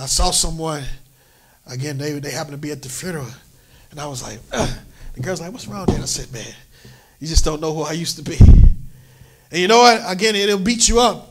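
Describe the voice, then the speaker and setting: A middle-aged pastor with a New York accent, preaching a sermon in a church with emphatic, repeated lines. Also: male voice, fairly high pitch. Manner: preaching with rising, emphatic repetition. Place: church sanctuary.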